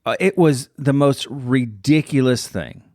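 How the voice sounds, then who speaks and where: A man co-hosting a podcast, telling jokey, animated stories in a casual chat. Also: medium pitch, measured pace, no room sound, studio quality. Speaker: podcast co-host.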